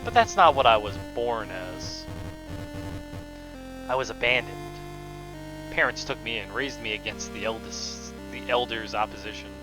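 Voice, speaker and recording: A man voicing a dying male game villain, reading the lines quietly and somberly. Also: lowish voice, normal speed, pauses often, over music, close to an everyday voice, low-quality recording. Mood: bitter, mournful. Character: dying bitter male villain, lifelong outsider. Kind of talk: reading game dialogue aloud.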